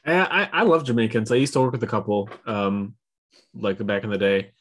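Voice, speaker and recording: A man co-hosting a casual podcast chat, talking in a relaxed way with lots of fillers. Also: lowish voice, brisk. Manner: relaxed, filler-heavy talk. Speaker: podcast co-host.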